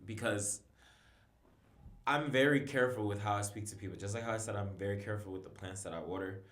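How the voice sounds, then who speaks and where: A man's voice: fairly low pitch, quick pace, fairly bright tone, roomy sound. A man talking as a guest on a casual podcast, earnest and emphatic about self-respect. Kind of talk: casual chat.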